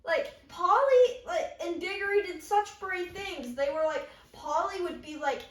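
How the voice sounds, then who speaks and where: A woman in casual chat, excited and emphatic, with many fillers. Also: extremely high pitch, a little slow, recorded from a distance. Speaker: co-host. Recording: roomy sound from off-mic.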